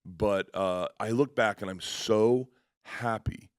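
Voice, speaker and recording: A comedian telling rambling anecdotes in a radio interview, acting out other people's voices and laughing along. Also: male voice, fairly low pitch, slow, no echo, clean studio sound. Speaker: comedian guest.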